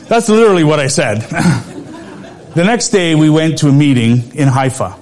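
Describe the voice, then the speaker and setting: A man's voice: on the high side, sing-song, moderate pace, pauses often, darkish tone. Laughing, chatty male preacher. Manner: laughs often, conversational. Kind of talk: sermon with personal story.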